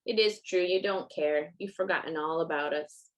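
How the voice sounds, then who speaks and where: Woman reader doing a proud, disapproving old grandmother in a storybook reading; complaining, lowish voice. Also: normal speed, lightly acted, rough recording. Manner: complaining, scolding tone.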